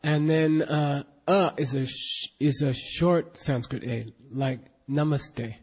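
A man's voice: on the high side, fairly even intonation, slow, a little mellow, slightly rough. A man teaching a Buddhist class in an emphatic, questioning way, drilling students in recitation, on a dull lo-fi recording.

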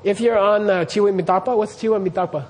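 A man's voice: high-pitched, fast talker. A man teaching Buddhist practice to a class, putting questions to the students and often checking that they follow. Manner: quizzes the class, keeps checking "you see what I mean?".

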